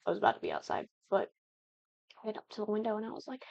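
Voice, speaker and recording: A young woman from the Midwest talks through a game build in a chatty, animated way, breaking into excited exclamations. Her voice sits a bit high with a gravelly fry, and the recording is dry and slightly dull, as if from a desk mic. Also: fast talker, no echo. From American Midwest. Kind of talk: casual gaming commentary.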